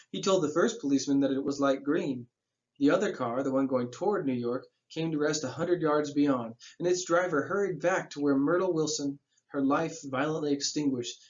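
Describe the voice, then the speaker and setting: A man with a slightly high voice reads a novel aloud for a class. He stops often to explain the plot in casual, slangy asides. The recording sounds dull and lo-fi. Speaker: teacher reading a novel aloud.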